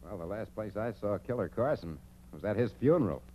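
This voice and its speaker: A man's voice: lowish voice, lively intonation, brisk, dark tone, natural voice, low-quality recording. An actor playing a tough male boxing trainer who barks orders, in 1940s radio acting. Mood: gruff. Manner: barking orders, gruff. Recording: old radio recording with crowd noise.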